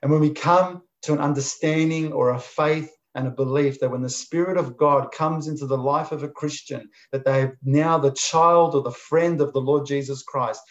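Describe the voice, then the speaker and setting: A man preaching a sermon, emphatic and deliberate, driving points home with repetition. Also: a little high, steady tone, lo-fi sound. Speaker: pastor.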